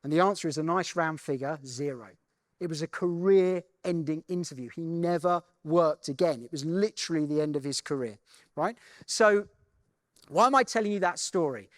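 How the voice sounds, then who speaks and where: A man speaking from a conference main stage, delivering a keynote as a chatty story. His voice sits high for a man, and the sound is dry and close. He keeps checking in with the crowd as he goes. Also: normal speed, dry recording. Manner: conversational, keeps checking in with "right?".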